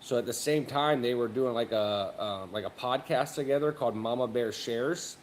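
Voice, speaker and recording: A man tells a personal story on a casual panel in a relaxed, rambling way, full of fillers and restarts. A faint hum of background noise sits under his voice. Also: mid-range voice, moderate pace. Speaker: guest on open panel.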